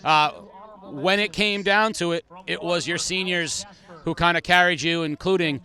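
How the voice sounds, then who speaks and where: A man reporting on sports asks a coach questions after the game. His voice sits high and sounds bright, and he phrases his questions in a loose, conversational way. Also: normal speed. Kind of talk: post-game interview questions.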